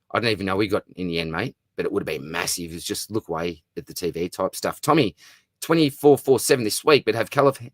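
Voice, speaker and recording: A man with an Australian accent hosts a live fantasy football stream, reading viewer comments and replying in a chummy, upbeat way, calling people mate and brother. His voice is fairly low and a bit bright, on a dry recording.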